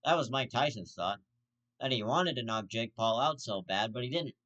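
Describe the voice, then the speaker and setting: A man's voice: medium pitch, lively intonation, normal speed, a bit bright, highs cut off. A man hosting his own vlog, ranting heatedly with heavy swearing and repeated restarts. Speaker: host of a commentary vlog. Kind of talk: profane ranting commentary.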